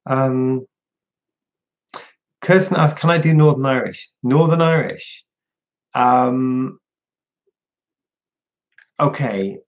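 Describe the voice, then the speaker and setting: A man's voice: mid-range voice, very slow, long pauses, lo-fi sound. A man hosting a casual livestream, chatting and answering viewers' questions one by one. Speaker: livestream host.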